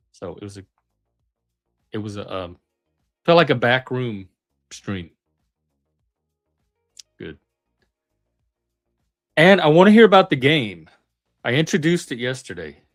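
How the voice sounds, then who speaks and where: A man hosting a live panel stream, chatting casually in a relaxed, friendly way and laughing easily. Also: medium pitch. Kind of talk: casual chat.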